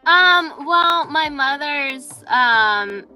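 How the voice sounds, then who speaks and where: High bright-voiced woman, slow. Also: expressive, soft background music, rough recording. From Arizona, US. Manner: laughs often, brief answers. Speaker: guest artist. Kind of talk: casual interview answers. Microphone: remote video call.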